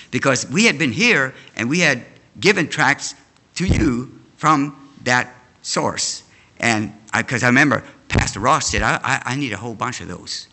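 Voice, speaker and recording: A man's voice: medium pitch, expressive, a little slow, sharp tone. An older man from an Amish background, giving a folksy storytelling testimony as a guest preacher in a church. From Amish community. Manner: folksy storytelling, addresses the congregation. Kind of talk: sermon testimony.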